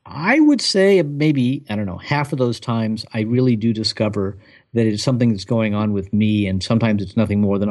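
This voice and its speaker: A man, a photographer, answering interview questions in a relaxed, thoughtful way, laughing easily. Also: fairly low pitch, normal speed. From United States.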